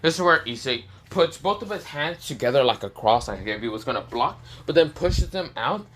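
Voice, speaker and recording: A man's voice: medium pitch, expressive, normal speed, a bit bright, slight background noise. A man casually narrating a fan story off the cuff, rambling with many fillers and restarts.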